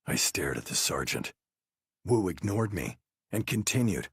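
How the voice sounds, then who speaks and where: Low husky male audiobook narrator. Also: lively intonation, no room sound, clean studio sound. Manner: measured, first-person storytelling.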